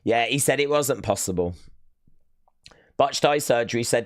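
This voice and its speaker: He reads viewer messages aloud on his live watch-along stream, chatting casually, rambling a bit, teasing himself and dropping fillers. His voice is on the low side at a normal speed. The recording has studio quality and no room sound.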